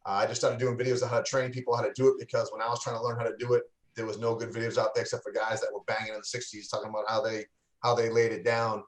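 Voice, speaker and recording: A man's voice: medium pitch, little pitch movement, rapid-fire. A man, a real estate coach, talking casually on a livestream interview over a video call, loose and full of fillers and restarts. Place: indoors, home in a cold city. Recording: echoey room.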